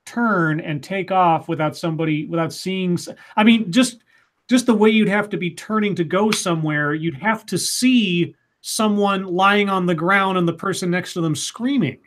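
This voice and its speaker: Animated man, slightly high voice. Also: moderate pace. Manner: animated, stumbles over words. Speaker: co-host. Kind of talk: casual news chat on a livestream.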